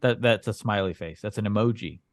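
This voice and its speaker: A man's voice: lowish voice, brisk, no room sound. A man co-hosting a comedy podcast, playing the skeptical straight man with probing questions. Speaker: podcast co-host. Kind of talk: improvised comedy banter.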